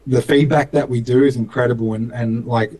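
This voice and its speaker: A man's voice: medium pitch, fairly even intonation, fairly quick, a little mellow, husky, low-quality recording. A young Australian man, a speedcar driver, chatting in an interview with many fillers and restarts, acting out little dialogues. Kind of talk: casual interview chat.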